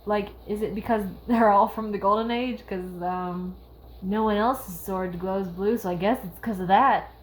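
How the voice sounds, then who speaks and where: A woman's voice: mid-range voice, fairly even intonation, measured pace, a little hiss or hum, low-quality recording. A young woman giving casual critical commentary, ranting with exasperated sarcasm. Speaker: video essayist.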